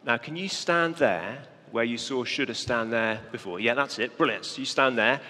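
A man's voice: mid-range voice, moderate pace, pushed and bright, in a large hall. A man preaching a children's talk, coaxing young volunteers through a parable they act out on stage. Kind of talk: sermon with volunteers acting a parable.

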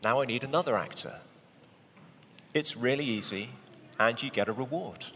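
A man's voice: medium pitch, normal speed, fairly bright tone, in a large hall, slight background noise. A man preaching a children's talk, coaxing young volunteers through a parable they act out on stage. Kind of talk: sermon with volunteers acting a parable.

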